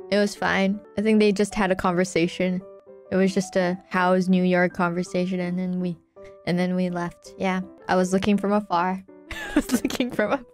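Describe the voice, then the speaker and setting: A woman streamer chatting casually, telling a rambling, giggly story with many restarts. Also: medium pitch.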